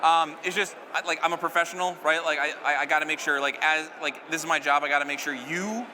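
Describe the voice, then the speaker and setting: A man's voice: fairly high pitch, fairly even intonation, fast talker, in a large hall, background noise. A man performing stage magic on a live stage, keeping up joking banter with a volunteer and the crowd.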